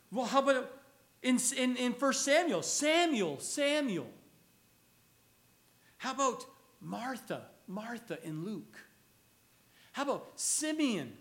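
A man's voice: sits high, a bit bright. A man preaching a conversational sermon, reading scripture aloud and repeating phrases as he talks. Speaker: pastor.

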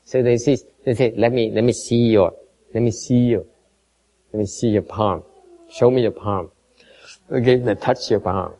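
A man giving a Buddhist dharma talk, telling a story in a halting way with many repeated words and switches between two languages. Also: lowish voice, steady tone, warm tone. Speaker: Buddhist teacher. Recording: dull lo-fi recording.

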